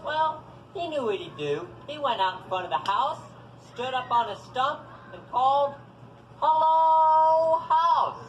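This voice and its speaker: A man telling folktales live to an audience, animated and coaxing listeners to join in. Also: very high voice, moderate pace, dull audio. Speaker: storyteller. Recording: echoey hall, faint background noise.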